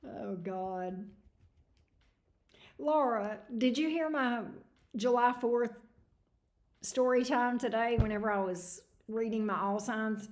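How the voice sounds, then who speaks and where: A woman's voice: a little high, slow pace, pauses often, a little mellow. A woman hosting a tarot livestream, chatting casually with viewers in a snarky, laughing way, tired. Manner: snarky, laughing, reading chat messages aloud.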